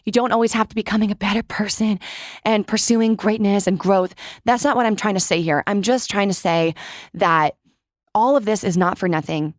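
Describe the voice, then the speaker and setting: A woman's voice: mid-range voice, brisk, dry recording, studio quality. A young woman hosting her podcast, talking in a candid, chatty way with lots of "like" and some casual swearing. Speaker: podcast host. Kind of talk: casual solo monologue.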